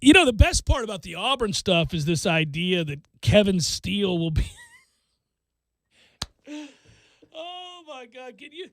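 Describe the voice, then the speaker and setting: A man hosting sports talk radio, ranting with sarcasm and animated energy. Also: sits high, measured pace, pauses often, no room sound.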